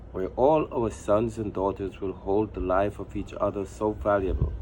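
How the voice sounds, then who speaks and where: Jamaican-born male politician with a low voice, ceremonious delivery, recorded outdoors with clear background noise. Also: a little mellow, rough recording. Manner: formal and ceremonious. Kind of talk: prepared speech.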